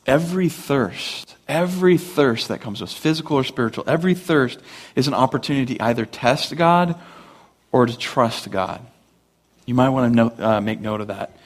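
A man preaching a sermon, animated, asking rhetorical questions and acting out the voices of complainers. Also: mid-range voice, moderate pace. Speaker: pastor.

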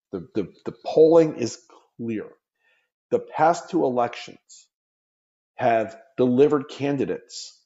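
Emphatic man with a dark, dull sound. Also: medium pitch. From United States. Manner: earnest, emphatic, repeats words when pressing a point. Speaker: gun safety activist guest. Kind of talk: impassioned interview talk.

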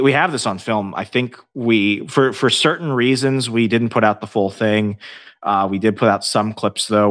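Low-voiced man swearing through a ghost story. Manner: profane, animated storyteller acting out dialogue. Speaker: podcast guest, paranormal investigator. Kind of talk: casual storytelling.

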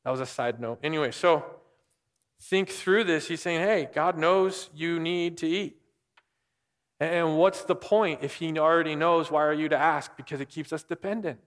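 A man's voice: fairly high pitch, moderate pace. Man preaching in a reverberant hall. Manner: conversational, asks the room questions. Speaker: pastor. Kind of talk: sermon.

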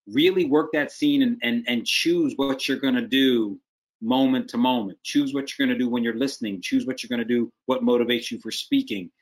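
A man's voice: medium pitch, fairly bright tone. A man working as a casting director, giving direct, emphatic advice in a video-call interview.

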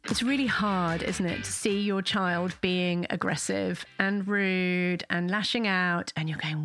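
A woman's voice: lowish voice, moderate pace, a bit bright, no room sound, soft background music. Chatty woman hosting a parenting talk. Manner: chatty, asks listeners tag questions, acts out quoted parents. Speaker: parenting podcast host. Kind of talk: casual solo talk to listeners.

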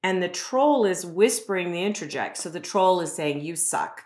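A woman's voice: lowish voice, lively intonation, moderate pace, a little mellow. A woman guest speaking as an expert on a podcast, explaining earnestly and often checking in with "right?" and "you know". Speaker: guest expert on self-esteem. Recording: roomy echo.

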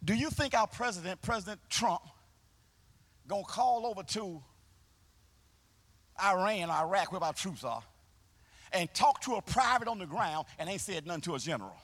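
High-pitched, animated preaching man. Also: normal speed, pauses often. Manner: call-and-response, sing-song preaching with swells to shouting; folksy, colloquial phrasing. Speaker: pastor. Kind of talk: preaching a sermon. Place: church sanctuary, live service.

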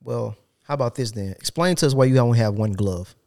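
A man's voice: medium pitch, animated, brisk, vocal fry, a little mellow. Podcast guy joking around, teasing his buddy, playful jabs. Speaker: podcast co-host. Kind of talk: casual chat.

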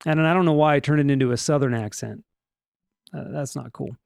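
A man's voice: medium pitch, brisk, vocal fry, a little mellow, dry recording, clean studio sound. A man hosting a casual news podcast, rambling and joking through the stories with restarts and mock voices. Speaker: podcast host.

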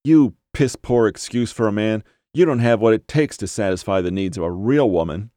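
A man reading a horror audiobook voices a scornful adult wife with a high, tight voice and a mocking way of talking. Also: animated, normal speed, dark tone, no echo, clean studio sound, close to an everyday voice. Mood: taunting. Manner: sneering, mocking. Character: shrill, contemptuous adult wife, scornful and taunting.

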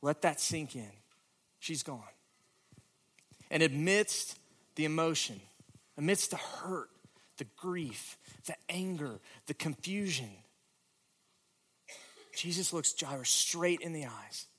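A male pastor delivering a sermon in a slightly raised voice. He swings between hushed, near-whispered passages and emphatic questions, building intensity as he makes his points. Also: on the high side, lively intonation, slow pace, long pauses, slightly rough. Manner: dramatic, shifting from hushed to emphatic.

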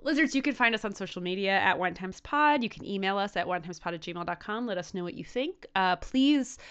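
A woman co-hosting a podcast, telling a story in casual chat with lots of "like" and quick acted-out quotes. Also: medium pitch, animated, fairly bright tone, clear, resonant tone, lo-fi sound. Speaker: podcast co-host. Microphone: headphones.

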